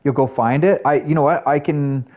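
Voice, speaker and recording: A man's voice: a little high, fairly even intonation, normal speed, darkish tone, dull audio. A man streaming live, chatting casually with his viewers in a rambling way with lots of fillers. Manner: chatty, rambling, talks to chat, frequent fillers.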